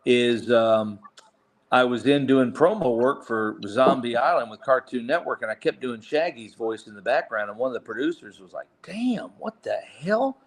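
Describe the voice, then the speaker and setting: Middle-aged male guest, mid-pitched, loose rambling storyteller with frequent restarts. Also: normal speed. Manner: rambling anecdotes with many restarts. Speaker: guest voice actor. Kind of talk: casual storytelling interview.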